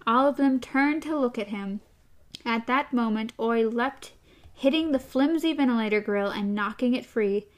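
A woman's voice: fairly high pitch, normal speed. A woman reading a novel aloud expressively and chatting about it with a co-host. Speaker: reader and co-host.

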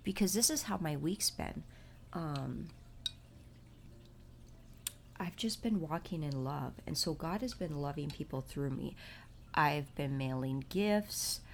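A woman's voice: low-pitched, expressive, a little slow, gravelly, slight background noise. A woman talking casually to her viewers, confiding about her family and her faith. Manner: chatty, confessional, talks about faith. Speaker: vlogger and mother. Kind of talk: casual confiding vlog chat.

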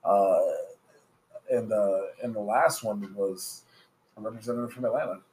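A man's voice: fairly low pitch, steady tone, moderate pace, a little mellow, rough recording. Young male co-host, laid-back and understated, casual chat. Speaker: podcast co-host.

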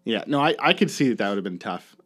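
A man's voice: medium pitch, big pitch swings, fast talker, fairly bright tone. Laid-back Canadian man reminiscing. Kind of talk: casual chat.

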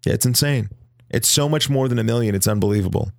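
A man's voice: mid-range voice, fast talker, vocal fry. A young man co-hosting a podcast in a studio, chatting casually with crude jokes and mock voices. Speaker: podcast co-host. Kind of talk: casual chat. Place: studio with wood floors.

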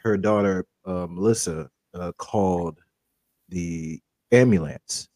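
A young man, co-hosting a family podcast in a relaxed, halting way. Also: low-pitched, dry recording. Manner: relaxed, hesitant, many fillers and restarts. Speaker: co-host. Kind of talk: casual family podcast chat.

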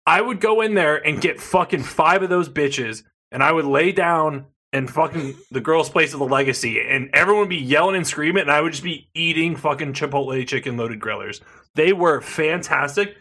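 A bright-voiced young man on a podcast who swears a lot and rambles happily. His talk is loose and excitable, full of fillers and cursing. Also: a little high, normal speed. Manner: profane, enthusiastic, rambling. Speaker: podcast co-host. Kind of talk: casual chat.

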